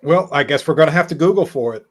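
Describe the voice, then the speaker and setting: A man's voice: fairly high pitch, fast. A man co-hosting a casual group chat, playful and teasing. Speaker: podcast co-host.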